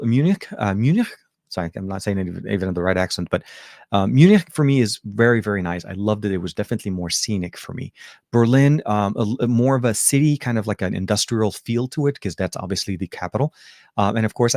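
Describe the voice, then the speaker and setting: A man's voice: lowish voice, darkish tone, no echo, clean studio sound. A man from Lebanon whose first language is Arabic, with an American accent and a faint Arabic trace, hosting a casual tech show chat full of fillers and restarts. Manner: rambling, filler-heavy, self-correcting.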